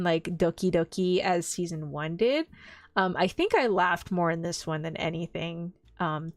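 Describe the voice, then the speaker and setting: A woman's voice: medium pitch, no room sound. A young woman streamer chatting casually and rambling, often giggling. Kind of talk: casual chat.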